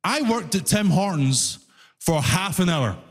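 A man who moved to Canada, performing animated stand-up and shouting his punchlines before a live audience. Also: sits high, a little slow, heavy background noise. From immigrant to Canada. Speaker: stand-up comedian. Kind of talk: stand-up comedy storytelling. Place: comedy club stage before a live audience. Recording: live room with reverb and faint ambience.

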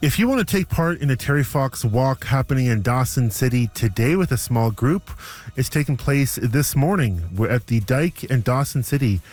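A man hosting a morning radio show, relaxed and chatty with a co-host. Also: medium pitch, normal speed. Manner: easygoing, lightly chatty. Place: radio studio. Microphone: studio microphone.

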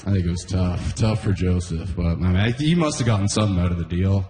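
Giggly stand-up comic in a roomy club. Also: male voice, low-pitched, fast talker, dark tone, slight background noise. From Canada. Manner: laughs at his own jokes often. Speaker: stand-up comedian. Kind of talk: stand-up routine.

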